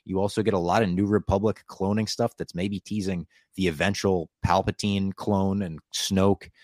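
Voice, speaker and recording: Deep-voiced man recapping, dry sound. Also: steady tone, moderate pace, darkish tone, no room sound. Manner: enthusiastic, narrates scenes with acted quotes. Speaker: podcast co-host. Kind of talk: casual episode recap.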